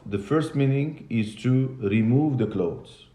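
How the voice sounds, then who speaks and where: A man's voice: mid-range voice, slow pace, mellow. Man teaching in an echoey classroom. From Morocco. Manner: patient, repeats and spells words, switches into Arabic and French. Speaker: English teacher. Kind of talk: classroom lesson.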